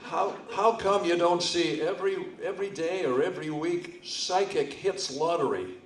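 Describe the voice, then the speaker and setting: An older man tells stand-up jokes at a charity comedy night, taking his time and stumbling through restarts before each punchline. He stands back from the stage mic, so his voice sounds distant. The big hall adds a roomy echo, with a faint hum of ambience underneath. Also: on the high side. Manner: slow, halting delivery with restarts. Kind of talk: stand-up joke telling. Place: hall with a live audience. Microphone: stage microphone, speaking from a distance.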